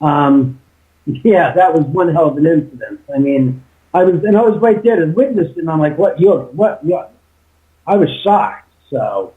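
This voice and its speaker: Man, high voice, casual storytelling, quoted dialogue, phone-line sound. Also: normal speed. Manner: animated retelling with quoted dialogue. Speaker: homeowner and YouTuber.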